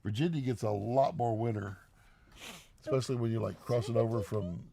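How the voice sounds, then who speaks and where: A man co-hosting a live stream, chatting casually and quickly, laughing often as he answers questions. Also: mid-range voice, creaky, dark tone. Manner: fast-talking, laughs often.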